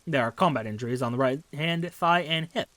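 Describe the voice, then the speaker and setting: A man's voice: on the high side, fairly quick, bright, forceful tone, no echo. Man reading game text aloud. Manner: casual, wry asides while reading. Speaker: game streamer.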